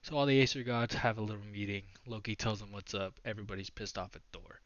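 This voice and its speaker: A man's voice: fairly low pitch, fairly even intonation, fast, no echo. A man casually retelling an old myth to a friend in a loose, profane way that corrects itself as it goes. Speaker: podcast co-host retelling a myth. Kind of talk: casual storytelling chat. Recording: dull lo-fi, dry sound.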